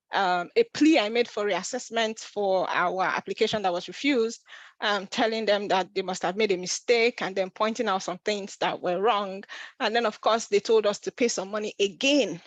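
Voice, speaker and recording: A woman's voice: mid-range voice, dry recording. Earnest woman telling her story. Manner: earnest, emotional, frequent restarts. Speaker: vlogger. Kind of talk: casual personal storytelling.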